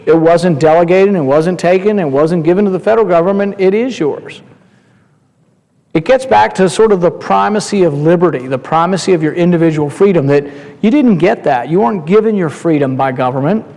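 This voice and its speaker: A man, a senator, speaking on the senate floor in a measured, explanatory way, restarting phrases as he builds his point. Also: high-pitched, warm tone, in a large hall. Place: large legislative chamber.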